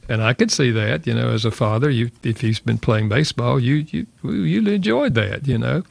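An older man speaks in a gravelly, creaky voice, telling stories at an easy conversational pace. He rambles a little and often circles back with "you know". The sound is close and dry, with no room echo. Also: medium pitch, animated, moderate pace. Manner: rambling, frequent "you know" and repeated words. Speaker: guest author. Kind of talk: conversational storytelling.

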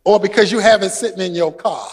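High, lively-voiced man preaching in a hall. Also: fast, a little hiss or hum. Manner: preaching with shouted emphasis and storytelling asides. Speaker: pastor. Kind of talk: sermon. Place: church sanctuary. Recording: long hall reverb.

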